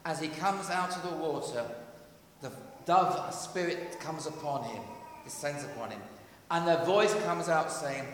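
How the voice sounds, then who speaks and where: A vicar with a high, lifted voice preaches in a chatty, lively way, slipping in jokes as he goes. His words ring around a big echoey church, and a long reverb trails each phrase over a faint hum of ambience. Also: unhurried. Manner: conversational and animated, with jokey asides. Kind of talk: sermon.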